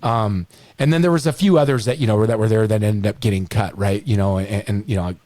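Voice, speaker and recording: A man's voice: lowish voice, quick pace, warm tone, no room sound. A middle-aged man hosting a podcast, telling stories in a rambling way, full of restarts and "you know.". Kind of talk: storytelling in casual chat.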